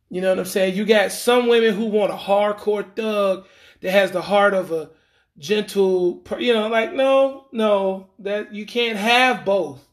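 High-voiced man telling a rambling story. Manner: rambling, animated, acts out quoted lines; frequent fillers and restarts, slangy. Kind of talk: casual storytelling monologue.

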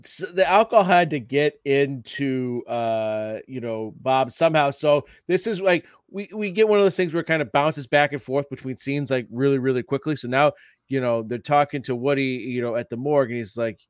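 A man's voice: mid-range voice, normal speed, smooth, dry recording, studio quality. A man co-hosting a podcast, chatting casually about a TV episode, laughing often and acting out quoted lines. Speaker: podcast co-host. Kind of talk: casual chat recapping a TV episode.

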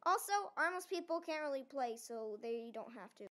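Very high, bright-voiced woman voicing cartoon characters. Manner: quick switches between shrill shouts and flat mumbles. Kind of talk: voicing every character of an animated object show.

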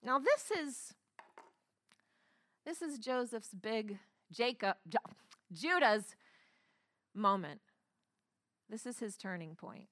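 A woman's voice: on the high side, big pitch swings, a little slow, bright, forceful tone, no echo, clean studio sound. A woman pastor preaching a sermon, telling the story dramatically and acting out the quotes.

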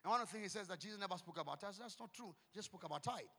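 A man's voice: high-pitched, expressive, racing. Fiery Ghanaian man preaching. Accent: Ghanaian English. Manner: fiery, shouting, repeats declarations. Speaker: pastor. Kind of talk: sermon. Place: church hall. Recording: long echoing hall.

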